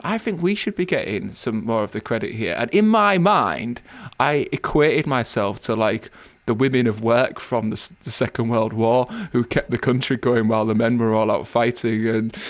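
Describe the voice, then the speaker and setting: A wry English man co-hosting a relaxed podcast. His voice sits at an ordinary middle pitch, and he talks in a self-mocking way. He pokes fun at himself more than at anyone else. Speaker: podcast co-host. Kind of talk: casual podcast chat.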